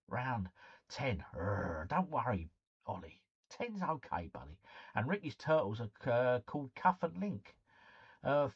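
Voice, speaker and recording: A man's voice: medium pitch, dull audio. A man hosting a live stream. He reads out quiz answers, repeats each one, and chats with viewers in a jokey way.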